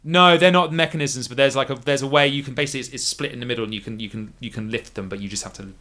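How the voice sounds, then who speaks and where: A man runs the tabletop session as game master. His voice is bright and forward, and he narrates in halting bursts, restarting sentences as he builds the scene. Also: medium pitch.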